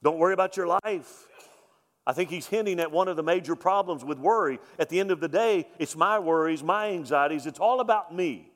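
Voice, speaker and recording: A man's voice: a little high, a little fast, hardly any pauses. A man preaching a sermon as pastor, emphatic, repeating key lines and asking rhetorical questions. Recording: long reverb of a large hall.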